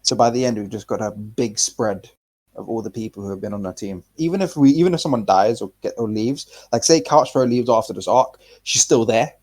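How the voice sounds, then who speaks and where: A man co-hosting a casual podcast chat, rambling and animated, swearing freely and restarting his sentences often. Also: on the low side, a little fast. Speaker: podcast co-host.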